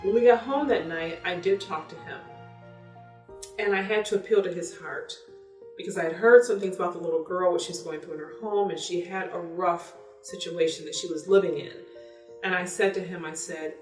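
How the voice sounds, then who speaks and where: A woman's voice: on the low side, moderate pace, recorded from a distance. Woman telling a story in an echoey room. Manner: candid, animated retelling with quoted dialogue. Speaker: parent vlogger. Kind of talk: casual storytelling. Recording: echoey room, voice from off-mic, faint music.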